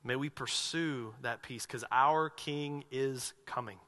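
A man preaching a sermon as pastor of his church, animated and acting out quoted voices. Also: medium pitch, slow.

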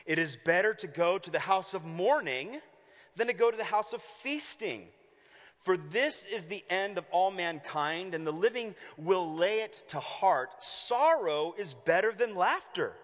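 A man preaching a sermon as pastor, telling stories in an animated way and acting out the voices of the people in them. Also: sits high, measured pace, big-room sound. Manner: animated storytelling with acted-out voices.

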